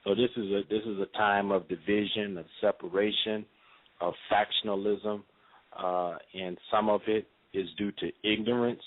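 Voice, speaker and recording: A man speaks as a radio interview guest in a measured, preacherly cadence, with many pauses and fillers. His voice sits fairly low. The sound is thin and narrow, as heard over a phone line. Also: level tone.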